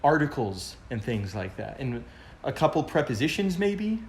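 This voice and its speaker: A man's voice: mid-range voice, very animated, moderate pace. A man co-hosting a podcast, talking thoughtfully and searching for words, with a few restarts. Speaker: podcast co-host. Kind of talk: casual discussion. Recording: echoey room, faint background noise.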